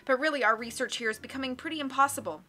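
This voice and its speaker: A woman's voice: high voice, racing, bright, forceful tone. A woman voicing a grumbling male wildlife researcher. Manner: grumbling, resentful. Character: irritable middle-aged male wildlife researcher.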